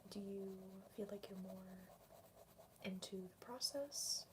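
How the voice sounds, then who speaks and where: A young woman chats in a soft, nasal whisper during an ASMR coloring stream, her nose stuffy with a cold. She stays close to the mic, and faint pencil scratching runs underneath. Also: medium pitch, steady tone, measured pace, background noise. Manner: soft-spoken, giggly. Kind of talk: whispered ASMR livestream chat. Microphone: close mic by the drawing paper.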